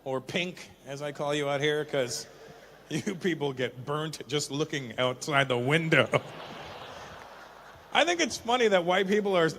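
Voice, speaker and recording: A middle-aged man doing stand-up, teasing audience members in quick back-and-forth crowd work. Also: fairly high pitch, fairly bright tone, a little hiss or hum. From Canada. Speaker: stand-up comedian.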